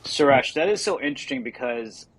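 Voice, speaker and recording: A man's voice: mid-range voice, expressive, a little fast, slight background noise, rough recording. A man co-hosting a podcast, asking long questions with hesitant restarts. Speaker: podcast co-host. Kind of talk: casual podcast chat.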